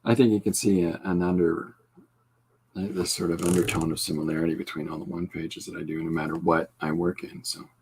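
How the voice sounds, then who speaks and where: A man chats loosely on his podcast as he works on a drawing. His voice sits low and gravelly, with a husky grain, and he rambles through dry, self-deprecating jokes. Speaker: podcast host and comic artist. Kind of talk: casual podcast chat while drawing.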